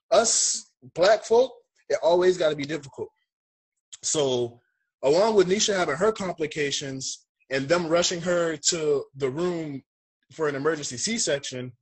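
Husky-voiced man telling a story on a call. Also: a little high, poor audio. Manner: emphatic, animated, acts out dialogue. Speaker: guest, first-time father. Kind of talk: casual personal storytelling. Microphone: video call.

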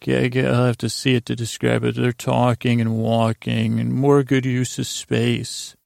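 A podcast host recaps a TV episode in a rambling, conversational way, often restarting and retelling scenes. His mid-range voice is gravelly and darkish, with a flat delivery at a moderate pace, recorded dry with studio quality.

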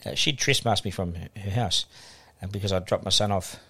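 A man's voice: low voice, fairly quick, breathy edge. A middle-aged man with a New Zealand accent telling a story as a podcast guest, acting out the dialogue as he goes. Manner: animated anecdotal storytelling, acting out quoted dialogue. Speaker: guest broadcaster.

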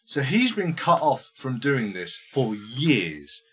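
A man co-hosting a casual film podcast, swearing a lot and acting out scenes in loud put-on voices. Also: mid-range voice, very animated, takes it slowly, slightly rough. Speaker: podcast co-host.

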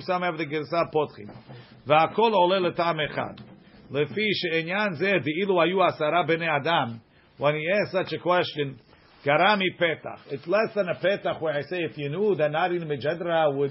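A man teaching a Talmud class, reading passages aloud and quickly explaining them in English with everyday examples. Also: on the high side, muffled recording, slight background noise.

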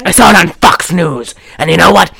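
A woman voicing a ranting male conspiracy theorist, loud, paranoid and unhinged. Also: on the low side, expressive, brisk, creaky, breathy edge, no echo, full character voice.

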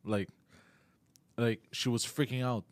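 A man's voice: steady tone, unhurried, dry recording. A man telling a sheepish story on a comedy podcast, often laughing and stumbling over his words. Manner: laughing, hesitant, many fillers, low mumbling asides. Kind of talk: casual comedic chat.

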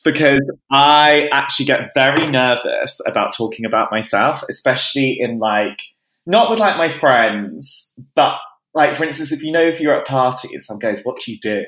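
A man's voice: mid-range voice, animated, normal speed, a bit bright, reverberant, poor audio. A man being interviewed on a podcast, telling stories in a chatty, self-deprecating way. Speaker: interview guest. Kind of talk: casual interview chat.

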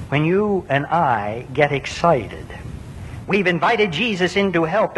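A man preaching a sermon in an earnest, emphatic way, leaning on rhetorical questions. His voice sits a little high for a man. It carries a long reverb, with a faint low rumble behind it.

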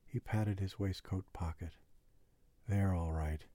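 A man reading a literary novel aloud as an audiobook, in a slow, measured, unhurried way, close to the mic. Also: low-pitched, steady tone, warm tone, dry recording. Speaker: audiobook reader.

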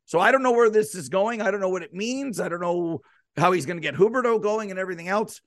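A man's voice: high voice, fast talker, a bit bright, no room sound. A man hosting a casual sports podcast, asking long, rambling, leading questions. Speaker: podcast and radio host.

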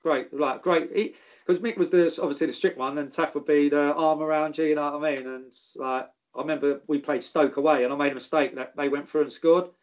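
A man's voice: a little high, fairly even intonation, brisk, lo-fi sound. A man, a former footballer telling stories in casual chat, swearing freely and calling people mate. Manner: laddish, swears freely, says mate and geezer.

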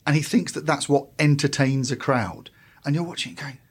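A man's voice: a little high, a little fast, breathy edge. A man on a podcast, working through long, thoughtful points about comedy. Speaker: podcast co-host. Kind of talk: casual chat.

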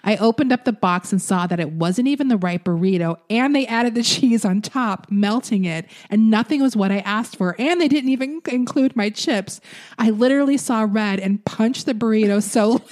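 A woman's voice: on the high side, lively intonation, moderate pace, few pauses. A woman co-hosting a podcast, reading listener emails aloud in casual chat and laughing often as she reads. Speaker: podcast co-host.

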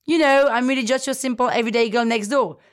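A woman's voice: a little high, fast talker, faint music behind. A woman, telling wry, self-mocking comic stories as a podcast host. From France. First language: French. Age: 30s. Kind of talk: comic storytelling.

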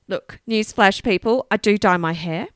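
A woman co-hosting a podcast, telling an animated story in casual chat, swearing and laughing freely. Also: medium pitch, moderate pace, smooth, dry recording. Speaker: podcast co-host.

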